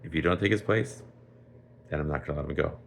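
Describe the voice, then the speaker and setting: A man's voice: a bass voice, fast, gravelly, a little hiss or hum. A man voicing a stern, cruel king who threatens and then scoffs in disbelief.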